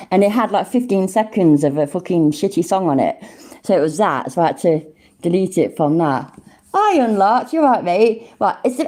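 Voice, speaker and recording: A tipsy woman in her forties hosts a casual livestream, swearing freely and laughing as she talks. Her voice sits low and mellow, yet it swings widely up and down. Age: 40s. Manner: sweary, animated, laughing often. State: tipsy from drinking. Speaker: livestream host.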